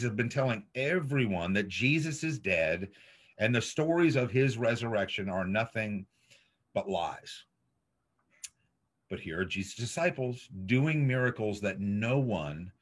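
A man preaching a sermon as a pastor, emphatic and dramatic, letting his voice sink low at the ends of points. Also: a bit bright, breathy edge. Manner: slow, emphatic preaching with dramatic drops in volume. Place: streamed over video call. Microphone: video call mic.

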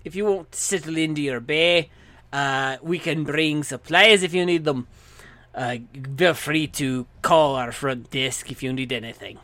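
A man's voice: sits high, expressive, moderate pace, few pauses, pushed and bright, no room sound, voice pushed up, exaggerated voice. A man voicing a male space dwarf who runs a spaceport, with a wobbly accent that drifts between Scottish, French and Jamaican. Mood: businesslike.

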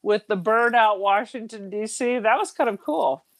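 A woman's voice: a little high, normal speed. A woman co-hosting a movie podcast in casual chat, laughing often and restarting her sentences. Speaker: podcast co-host.

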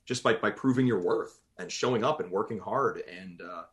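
A man's voice: on the low side, normal speed, fairly bright tone. A man from Boston, a voice actor, chatting casually in an interview, rambling and restarting his sentences and laughing easily. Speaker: voice actor guest.

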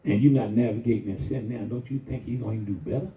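A man preaching a lively, folksy sermon with call-and-response and shouts to the congregation. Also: lowish voice, rapid-fire. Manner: folksy, conversational, acts out quoted voices. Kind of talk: lively Palm Sunday sermon. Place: church sanctuary. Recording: echoey church heard from far off over a tinny line.

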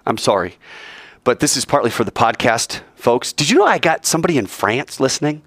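A man's voice: medium pitch, brisk, dry recording. A man teaching an informal Bible class as a sermon, telling stories and acting out the voices of the people in them. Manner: animated storyteller who acts out quoted voices.

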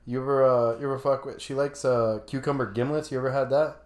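A man's voice: medium pitch, steady tone, fast. A young man chatting casually, telling loose stories full of "dude" and "like.". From Odessa, Texas. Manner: loose, profane storytelling with lots of "like" and "dude". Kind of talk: casual chat.

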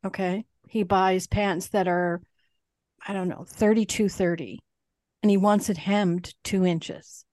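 Woman podcast co-host, lively storyteller who does the other voices, close and dry. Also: medium pitch, measured pace, no room sound. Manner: animated storyteller, swears, mimics others. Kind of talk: casual chat.

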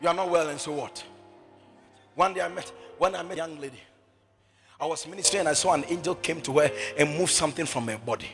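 A man preaching a sermon, driving his points home by repeating phrases and swinging from shouting to hushed speech. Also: fairly high pitch, quick pace, vocal fry, music in the background. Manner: emphatic, repeats phrases over and over.

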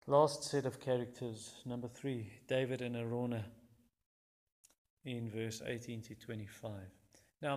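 A man preaching a sermon, constantly citing verse references and acting out the quoted voices with sudden jumps in pitch and volume.

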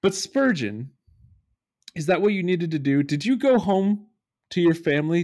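A man co-hosting a casual sports podcast, ranting in an animated way and swearing freely. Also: high-pitched, normal speed, pauses often. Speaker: podcast co-host.

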